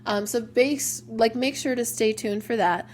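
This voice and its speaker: A woman's voice: a little high, a little slow, darkish tone, a little hiss or hum. A young woman hosting a casual personal podcast, talking openly and emotionally with lots of "like" fillers. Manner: chatty, open and emotional, many "like" fillers. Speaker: podcast host.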